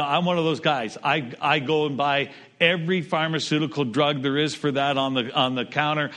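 Brief: middle-aged male pastor, high clear voice, dynamic pulpit delivery. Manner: preachy, swings between loud raised lines and low quiet ones. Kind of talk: sermon.

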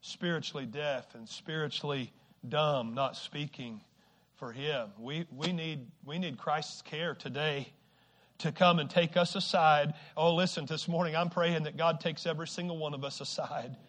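A man preaching a sermon to a congregation, shifting from quiet, slow stretches to loud exhortation and stumbling over repeated words. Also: fairly high pitch, fairly even intonation. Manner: swings from hushed to shouting exhortation, repeats words; acts out quoted people with sudden shifts.

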